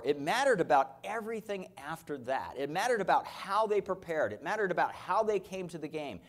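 Energetic man in his fifties, slightly high voice. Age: 50s. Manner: energetic, storytelling, keeps checking in with "okay?". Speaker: company founder and CEO giving a keynote. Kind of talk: motivational conference talk. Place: conference stage.

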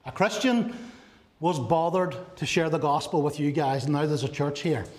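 A man delivering a sermon in a slightly high voice. He preaches earnestly and asks many rhetorical questions, then sinks to a soft, low tone on the key lines. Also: normal speed. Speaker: pastor.

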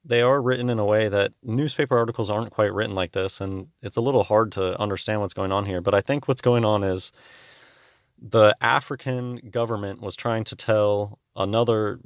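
A man's voice: fairly low pitch, normal speed, no room sound, clean studio sound. A young man casually musing over old newspaper clippings, sometimes reading them aloud in a rambling way. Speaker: video host.

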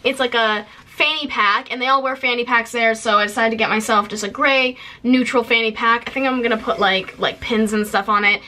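A woman's voice: fairly high pitch, steady tone, fairly quick, hardly any pauses, bright, forceful tone. A young woman from Canada in her twenties, chatting casually on camera about things she bought and was given, bubbly and full of fillers. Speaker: vlogger. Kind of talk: casual haul chat.

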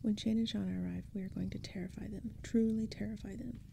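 A woman voicing a flustered, angry young boy in a whispered role-play, with a soft, breathy whisper. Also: medium pitch, steady tone, quick pace, slight background noise. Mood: seething.

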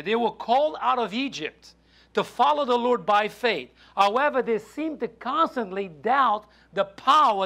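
A man preaching a sermon in a church, halting with frequent restarts and fillers. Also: high voice, vocal fry, sharp tone. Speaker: pastor. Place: church sanctuary.

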